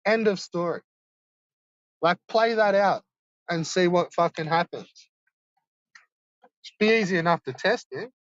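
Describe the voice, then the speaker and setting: A man's voice: high-pitched, unhurried, pauses often, a bit bright, dry recording. A young man livestreaming, ranting insistently and swearing a lot. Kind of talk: rambling livestream rant. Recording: dull lo-fi streaming mic.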